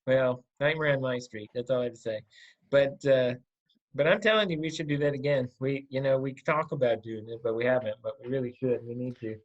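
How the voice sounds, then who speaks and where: A man's voice: mid-range voice, brisk. A man co-hosting a casual podcast among friends, laughing often as he tells stories. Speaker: podcast co-host. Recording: muffled lo-fi audio.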